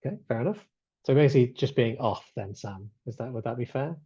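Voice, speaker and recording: A man hosting a webinar over a video call chats easily and reads replies from the chat with plenty of ums. His voice is mellow and dark, heard dry and close. The audio has a slightly dull, muted edge. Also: medium pitch, lively intonation, fast talker, breathy edge, no echo. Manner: chatty, reads out chat replies, many fillers. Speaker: webinar host.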